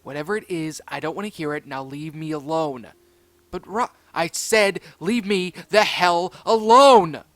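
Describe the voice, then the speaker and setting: A man voicing a hot-tempered young male pup who snarls and shouts. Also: fairly high pitch, fairly quick, few pauses, dry recording, close to an everyday voice. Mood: furious.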